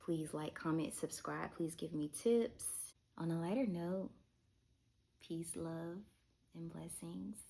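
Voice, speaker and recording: Low-voiced woman vlogger, frank and confiding. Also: takes it slowly, vocal fry, warm tone. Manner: open, confiding, frank with casual swearing. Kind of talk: candid talk to camera.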